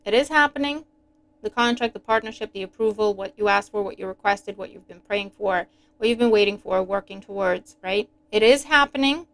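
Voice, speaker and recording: A woman giving a casual, animated tarot reading, chatty and quick to laugh. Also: medium pitch. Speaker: tarot reader.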